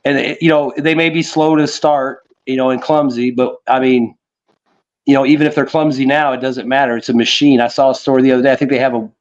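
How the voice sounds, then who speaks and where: A man's voice: mid-range voice, little pitch movement, quick pace. A man chatting casually about world politics on a podcast, rambling and piling on fillers as he goes. He swears offhandedly and keeps circling back to his point. His audio comes through a bit dull and lo-fi. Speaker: podcast co-host.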